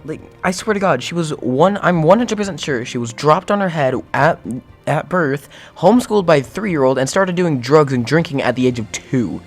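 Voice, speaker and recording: A man's voice: on the high side, animated, moderate pace, faint music behind. A young man in exasperated, sarcastic reaction commentary, swearing freely as he rants.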